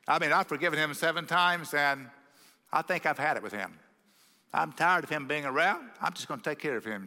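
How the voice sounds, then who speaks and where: Texan pastor preaching in a reverberant hall. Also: male voice, mid-range voice, fairly quick. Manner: animated storytelling, acting out the quoted voices. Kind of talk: sermon. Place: church sanctuary. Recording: long reverb of a church hall.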